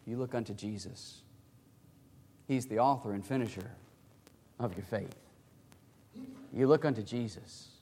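A man preaching a sermon to his congregation. He swings between hushed, low passages and loud, emphatic cries. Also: measured pace, pauses often, breathy edge. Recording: reverberant hall.

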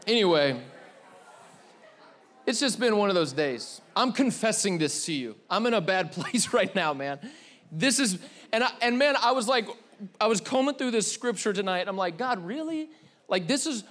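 A high-voiced young man with a drawl preaches in a loose, confessional way. He rambles candidly and fills his talk with "man" and "like". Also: animated, normal speed, fairly bright tone. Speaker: pastor. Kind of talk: casual confessional sermon. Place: church hall with live audience.

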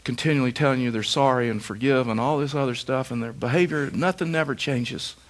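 A man's voice: mid-range voice, fairly quick. Emphatic man preaching a sermon. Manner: emphatic repetition, rhetorical questions. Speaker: pastor.

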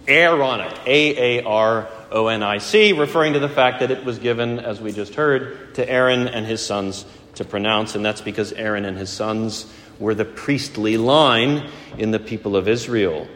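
A middle-aged man preaching a sermon in a church, conversational and gently humorous. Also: fairly low pitch, moderate pace. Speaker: pastor. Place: church sanctuary. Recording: echoey church hall.

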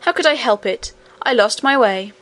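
A woman's voice: a little high, expressive, normal speed, a bit bright. A woman voicing a fretful, easily offended nursemaid who sounds indignant and tearful in an audiobook. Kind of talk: audiobook character reading.

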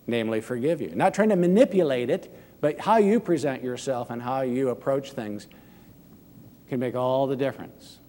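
A man's voice: mid-range voice, mellow. Earnest preaching man in a reverberant hall. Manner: earnest, acts out quoted lines. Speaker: pastor. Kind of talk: sermon.

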